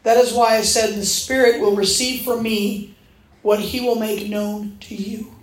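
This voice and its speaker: Animated woman preaching in an echoey hall. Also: mid-range voice, measured pace. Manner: animated storytelling, acting out quoted voices. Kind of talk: sermon. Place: church hall. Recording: echoey room.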